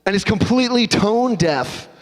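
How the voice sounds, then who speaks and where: A man preaching a sermon as pastor, in a conversational, animated storytelling manner. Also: high voice, moderate pace. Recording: long hall reverb.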